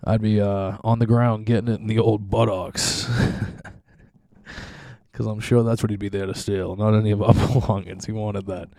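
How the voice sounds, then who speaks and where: This young podcast host wanders from one vulgar story to the next in a loose monologue, often chuckling at his own gags. His voice is fairly low and mellow with vocal fry, his delivery flat at a normal speed, and the sound dry and close without echo.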